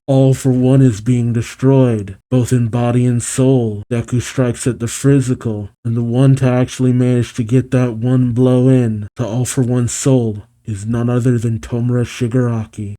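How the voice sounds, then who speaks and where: A man's voice: mid-range voice, warm tone. A man reading a manga chapter aloud as a reaction host, narrating panels with brief reactions.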